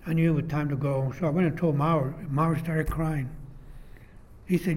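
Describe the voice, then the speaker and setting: Older man telling animated stories. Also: on the high side, a little fast. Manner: rambling, animated storyteller who acts out quoted dialogue. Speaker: retired architectural designer. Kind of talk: oral history interview.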